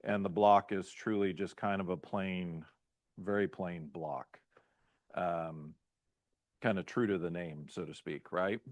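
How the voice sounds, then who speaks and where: A man's voice: low-pitched, fairly even intonation, takes it slowly, dry recording. A pastor teaching a beginners' language class, quizzing his students and checking in with "right?" and "okay?" as he goes. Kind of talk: classroom lesson.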